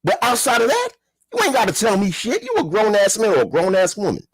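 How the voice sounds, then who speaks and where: A man's voice: high voice, wildly swooping pitch, fast, husky. A man giving a heated, profane commentary rant, repeating himself and firing rhetorical questions. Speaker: commentary vlogger. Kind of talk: ranting commentary.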